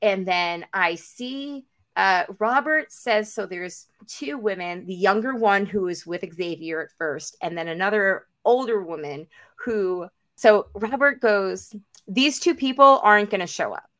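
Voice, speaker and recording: A young woman co-hosting a podcast, telling a long story in casual chat, full of "like" and acting out everyone's lines with big jumps in pitch. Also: measured pace. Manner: animated, acts out quotes with big pitch jumps; peppered with "like" and casual swearing. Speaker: podcast co-host.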